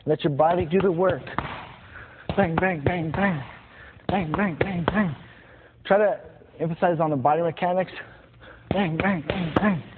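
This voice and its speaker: A man teaches boxing combinations, calling out each punch and counting through the moves as he demonstrates them. His voice sits a bit high. The sound is thin and phone-like, with steady noise underneath. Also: unhurried, pauses often. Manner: plain, repetitive instruction with punch sounds. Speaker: boxing instructor.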